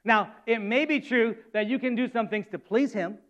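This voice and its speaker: High-voiced pastor preaching a sermon. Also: male voice, moderate pace, lo-fi sound. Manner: animated, acts out quoted voices with rising emphasis.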